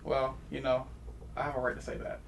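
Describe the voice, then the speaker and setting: A man's voice: medium pitch, monotone, fairly quick, gravelly, a little hiss or hum. A man hosting a casual podcast, blunt and crude with jokey asides. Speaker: podcast host. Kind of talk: casual chat.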